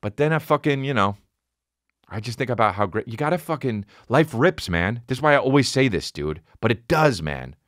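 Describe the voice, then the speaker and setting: A man in his forties hosting a podcast, telling a rambling, profane story and jumping into high voices for quotes. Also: expressive, a little fast, no echo, studio quality. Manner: rambling and profane, acts out quotes with big pitch jumps. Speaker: podcast host. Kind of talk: casual monologue.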